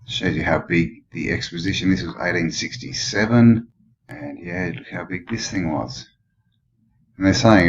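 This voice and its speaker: An Australian man with a very low, deep voice comments in a loose, rambling way, throwing out questions as he goes. The sound is dull and lo-fi. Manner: rambling, musing, full of questions. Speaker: channel host. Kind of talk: casual commentary over old photos.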